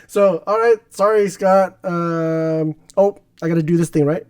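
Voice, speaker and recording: A man's voice: on the high side, steady tone, unhurried, darkish tone, clean tone, no echo. A man co-hosting a casual fantasy league chat, easygoing and laughing as he runs through results.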